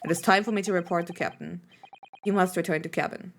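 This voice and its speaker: A woman's voice: fairly low pitch, steady tone, quick pace, creaky, a little hiss or hum, voice pushed down. A woman reading the lines of a stern male ship officer, speaking in clipped, blunt orders.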